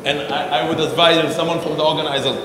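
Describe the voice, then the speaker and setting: A man's voice: fairly high pitch, steady tone, quick pace, noisy background. A man hosts a conference and introduces a panel on stage, rambling with many fillers and restarts. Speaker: conference host. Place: large conference hall. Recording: echoey hall with a long reverb.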